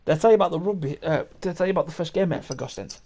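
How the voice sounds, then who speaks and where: A man's voice: on the high side, racing, creaky, a little mellow, a little hiss or hum. Rambling sweary young man telling a story. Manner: rambling, sweary, laughing, lots of restarts. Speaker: podcast host. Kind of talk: casual storytelling chat.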